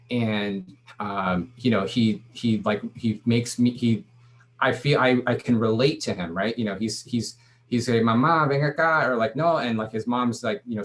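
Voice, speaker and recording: A man and startup founder, talking to an audience in a loose, conversational way full of restarts and fillers. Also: medium pitch. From Latino background. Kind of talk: casual talk to an audience.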